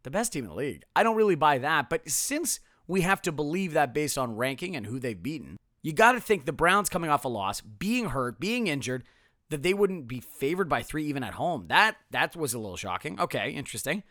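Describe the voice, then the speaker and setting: Fast, lively male podcast host, sarcastic, bright voice, dry close mic. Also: on the high side, no echo. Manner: sarcastic, self-mocking, animated. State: strained voice. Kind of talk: casual solo podcast.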